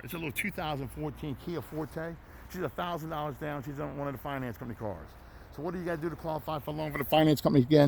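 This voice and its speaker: A man, running a folksy, loud, hard-selling walkthrough of his used car lot outdoors. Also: on the high side, gravelly. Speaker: used car dealership owner.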